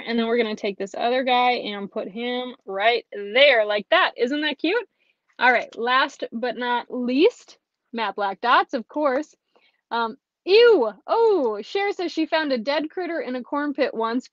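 A woman leads a live card-making tutorial from her home craft space, her voice pitched a little high. She chats easily and stops to greet viewers and answer their comments. The stream audio is dry and a bit dull. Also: no echo. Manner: chatty, reads viewer comments aloud between steps. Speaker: stamping and card-making host.

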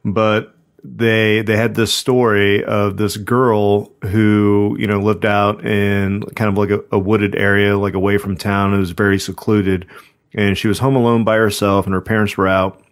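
A man co-hosting a paranormal podcast, telling a story in a slow, meandering way. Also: fairly low pitch, level tone. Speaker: podcast co-host. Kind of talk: casual chat.

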